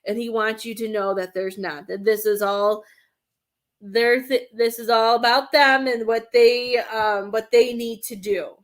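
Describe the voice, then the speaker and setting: Woman, psychic medium on a live stream, rambling, hesitant, slightly high voice. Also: steady tone, a little slow. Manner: rambling, hesitant, searching for words.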